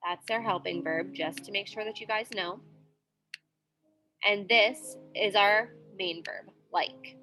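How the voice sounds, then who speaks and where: A woman's voice: mid-range voice, slow pace, pushed and bright, faint music behind. A woman teaching a grammar lesson in a classroom, patient and repetitive, checking in often with the students. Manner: patient, repeats with frequent "okay?" checks.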